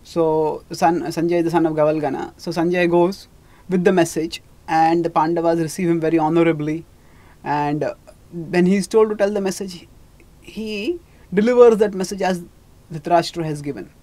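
A teacher retelling an old epic in a measured, explanatory lecture, with frequent restarts and fillers. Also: mid-range voice, fairly even intonation, mellow, dry recording. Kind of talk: storytelling lecture.

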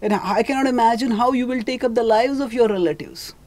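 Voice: mid-range voice, fairly quick, a little mellow, pitched above the performer's own voice, close to an everyday voice. A speaker voicing a male envoy who earnestly pleads for peace, raising the voice for the quoted lines. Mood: pleading.

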